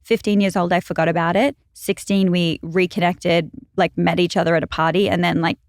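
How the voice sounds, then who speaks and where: Podcast guest: young Australian woman, low-pitched, dry studio sound, chatty. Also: little pitch movement, no room sound. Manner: chatty, storytelling, quick asides. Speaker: guest, brand founder. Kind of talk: casual chat.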